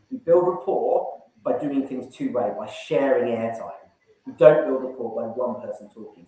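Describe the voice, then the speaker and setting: A man runs an online sales training session from a room, coaching and acting out phone call openers. His voice is mid-range and dark in tone, heard through a distant mic in a very echoey room.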